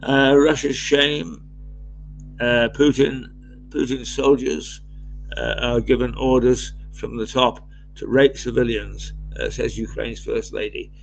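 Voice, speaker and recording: A man with a croaky voice, co-hosting a casual news review and pausing often with fillers and restarts. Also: mid-range voice, fairly even intonation, soft background music, low-quality recording. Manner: hesitant, many fillers and restarts. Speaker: co-host reading newspaper headlines.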